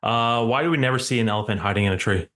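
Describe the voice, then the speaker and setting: A man's voice: medium pitch, racing, fairly bright tone. A man hosting a podcast, running a casual dad-joke segment with many "all right"s and easy laughter. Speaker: podcast host.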